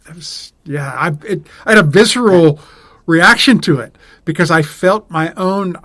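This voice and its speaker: A man co-hosting a podcast tells a personal story with many pauses and restarts. His voice sits a little high for a man. The sound is dry and close. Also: fairly bright tone, no echo. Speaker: podcast co-host. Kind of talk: casual conversation, personal story.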